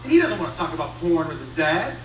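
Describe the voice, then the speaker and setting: Middle-aged male stand-up, lively swooping delivery, profane, distant roomy stage recording. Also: fairly high pitch, fast talker, slight background noise. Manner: animated, profane, acts out both sides of a dialogue. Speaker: stand-up comedian. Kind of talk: stand-up comedy storytelling.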